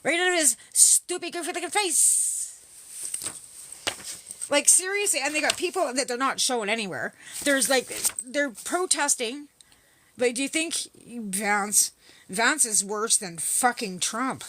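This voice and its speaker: A middle-aged Canadian woman rambles through a swearing-laced political rant as a livestream host. Her voice sits a little high and comes across bright and forceful. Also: measured pace, a little hiss or hum. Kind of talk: casual ranting chat.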